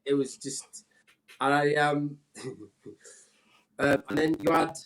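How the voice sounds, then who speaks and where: Here a Welshman in his forties who used to play football is a podcast guest, sharing lively anecdotes slowly in relaxed chat. He mimics the people in his stories by raising his voice to a high pitch.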